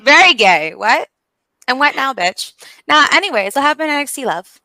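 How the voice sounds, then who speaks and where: A woman's voice: high-pitched, very animated, moderate pace, bright, forceful tone, no echo. A woman co-hosting a podcast, bantering in a teasing, profane, slangy way. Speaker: podcast co-host. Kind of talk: casual banter.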